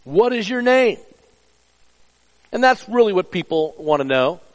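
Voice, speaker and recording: High-voiced man preaching in a reverberant hall. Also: big pitch swings, measured pace. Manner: earnest preaching, drops soft and low for personal stories. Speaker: pastor. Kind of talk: sermon.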